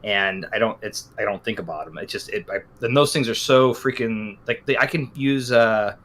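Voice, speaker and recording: A man's voice: lowish voice, normal speed, a bit bright. A man in casual chat who agrees a lot and jokes about himself. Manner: agreeable, lots of backchannel, self-deprecating. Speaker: podcast co-host.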